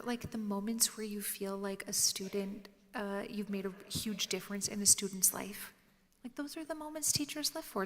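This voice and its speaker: Speaking at medium pitch with a somewhat bright tone, the featured speaker entertains a lecture-hall audience with self-mocking stories on stage. Quoted lines come out in a whisper, and the hall adds roomy reverb.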